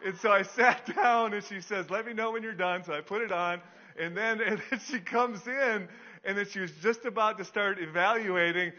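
Casting: middle-aged male pastor, bright, fairly high voice, rambling anecdotal sermon, dull lo-fi recording. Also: moderate pace. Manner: chatty, self-deprecating, many fillers. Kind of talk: storytelling sermon. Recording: dull lo-fi sound.

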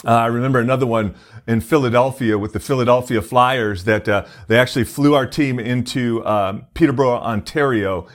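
Guy pastor giving a chill sermon, normal pitch, lots of uhs and um, kinda rambly. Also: fairly quick. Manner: conversational, many fillers and restarts. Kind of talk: casual sermon.

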